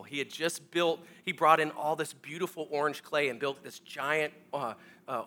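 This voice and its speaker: A middle-aged male pastor telling a comic story in a sermon, animated and self-mocking as he acts out the scenes. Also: on the high side.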